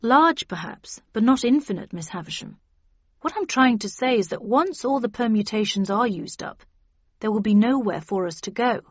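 An earnest male official in an audiobook lays out his case in a steady, lecturing way, voiced by a woman narrator. The recording is dry and a little dull, with no room sound. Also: on the high side, moderate pace, dry recording. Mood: explaining. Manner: earnest, explanatory. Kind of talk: audiobook character reading.

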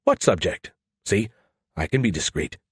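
A man's voice: low-pitched, expressive, moderate pace, breathy edge, dry recording, studio quality, heavily acted. A man voicing a smug, teasing artificial intelligence that lives in a beer can, with a mock-innocent, needling manner, for an audiobook.

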